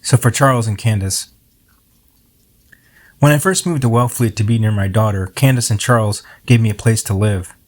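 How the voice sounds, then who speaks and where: A middle-aged man reading his own poem aloud, reflective and unhurried as he tells a story. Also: fairly low pitch, darkish tone. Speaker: poet.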